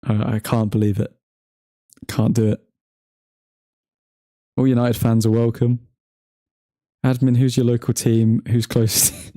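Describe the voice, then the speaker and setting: A man's voice: mid-range voice, flat delivery, measured pace, long pauses, mellow, dry recording, clean studio sound. Laid-back young man bantering with chat. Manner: joking banter, laughs often, talks to chat by name. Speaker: livestream host reading chat. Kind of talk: casual chat over a football watchalong.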